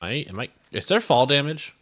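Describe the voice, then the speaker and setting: A man streams a video game live, his medium-pitched voice moving at normal speed. His commentary is casual and excitable, packed with sudden whoops and rambling self-corrections.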